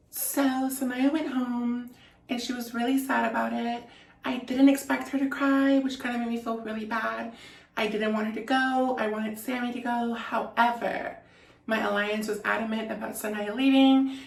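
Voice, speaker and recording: A woman's voice: a little high, distant mic. A woman contestant giving a chatty confessional, explaining her vote. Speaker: game contestant. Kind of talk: confessional monologue. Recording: echoey room.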